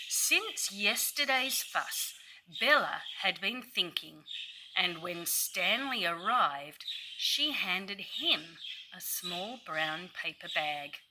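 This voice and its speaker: A woman reading a picture book aloud to young children, slow, clear and teacherly, pausing to clap syllables and ask questions. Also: on the low side, background noise. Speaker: storyteller for children.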